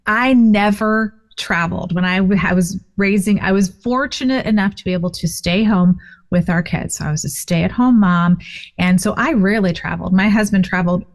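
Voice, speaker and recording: Woman, fifties, podcast guest, animated storytelling, casual interview. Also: mid-range voice, moderate pace. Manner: animated, expressive retelling with frequent fillers. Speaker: guest, author and parent.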